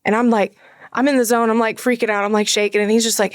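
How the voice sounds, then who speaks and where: A woman's voice: a little high, fast, dry recording, studio quality. A woman guest on a podcast, talking casually and acting out the voices of people in her stories. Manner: animated, acts out quoted voices in storytelling. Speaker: podcast guest, actress and makeup artist. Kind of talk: casual chat.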